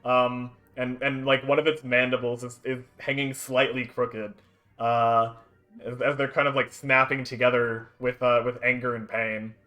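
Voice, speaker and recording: A man narrates a tabletop game as game master and keeps stopping on fillers. His voice is bright, and faint music plays underneath. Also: mid-range voice, flat delivery. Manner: halting, many fillers and restarts.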